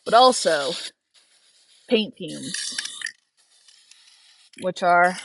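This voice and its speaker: A woman's voice: lowish voice, lively intonation, extremely slow, noisy background. A young woman chatting casually and rambling while working outside a barn, laughing often. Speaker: homesteader and livestream host. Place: outdoors by a barn.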